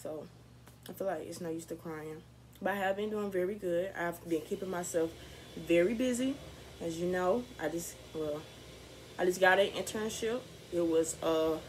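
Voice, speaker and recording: A woman's voice: on the low side, slight background noise, rough recording. A young woman talking casually to camera for her vlog, chatty, candid and upbeat. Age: young adult. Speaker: vlogger.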